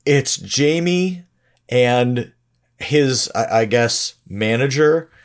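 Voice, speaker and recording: A man's voice: mid-range voice, animated, extremely slow. A man co-hosting a podcast, chatting casually about songs in a laid-back, chuckling way. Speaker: podcast co-host. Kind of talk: casual music review chat.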